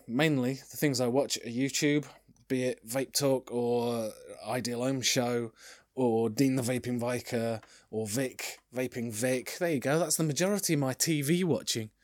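A man's voice: mid-range voice, no echo, studio quality. A man in his thirties hosting a casual solo podcast, rambling and sidetracking, often restarting his sentences. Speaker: podcast host.

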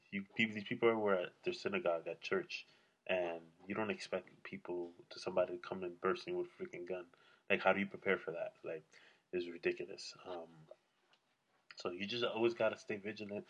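A man's voice: deep voice, level tone, fairly quick, dull audio. A man talking alone to his audience in a casual, rambling rant, blunt and full of swearing. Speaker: solo vlogger.

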